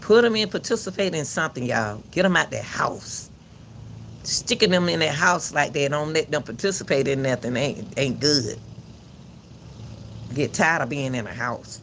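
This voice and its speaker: A man with a fairly high pitch talks straight to his viewers in the booming, projected voice of a coach. His casual commentary turns emphatic and preachy, with phrases said twice for weight. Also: moderate pace, a bit bright, a little hiss or hum. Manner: emphatic and preachy, with repeated words. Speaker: channel host commenting on a court case.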